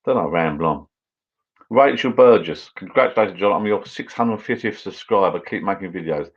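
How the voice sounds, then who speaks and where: A man's voice: deep voice, lively intonation, normal speed, highs cut off. A British man hosting a casual live stream, chatting loosely and reading viewer comments aloud as he drinks. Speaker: channel host.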